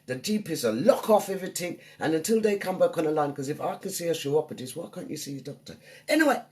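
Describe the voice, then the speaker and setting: A woman's voice: sits low, sing-song, fast, a little mellow. A woman hosting a live online radio show, chatting upbeat and greeting listeners by name. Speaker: radio DJ and host.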